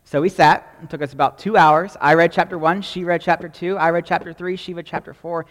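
A man's voice: fairly high pitch, fairly even intonation, a little fast, a bit bright, big-room sound. A man preaching a sermon in a conversational way, often checking in with "right?" as he teaches. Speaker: pastor.

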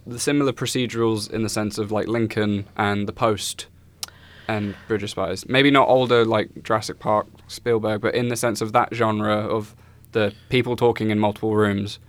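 A man's voice: on the low side, steady tone, moderate pace. A man co-hosting a film podcast, asking questions while searching for his words. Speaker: podcast co-host. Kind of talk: casual film discussion.

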